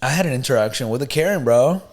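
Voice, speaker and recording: A man co-hosting a podcast, telling a story in a casual, animated, slangy way. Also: medium pitch, fast talker, creaky. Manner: animated, slangy, "you know what I mean", "bro". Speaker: podcast co-host.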